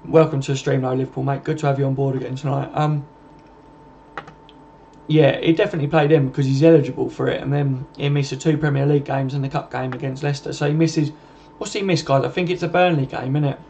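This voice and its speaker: A man's voice: medium pitch, steady tone, fast, gravelly, warm tone, a little hiss or hum. Man, casual stream host, matey and chatty, dull lo-fi home audio. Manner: chatty, matey, calls everyone mate. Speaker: livestream host reading viewer comments. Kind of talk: casual football chat.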